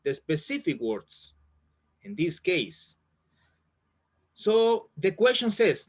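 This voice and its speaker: Slow-spoken man teaching online. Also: high voice, big pitch swings. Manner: slow, encouraging, repeats words for learners. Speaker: English teacher. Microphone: video call.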